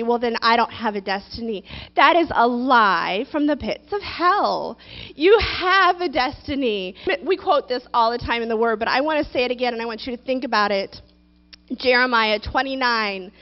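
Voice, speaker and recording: A woman minister preaching a sermon, dramatic and acting out people's prayers. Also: high voice. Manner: dramatic, acts out prayers in a whiny childlike voice. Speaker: guest minister. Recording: dull lo-fi recording.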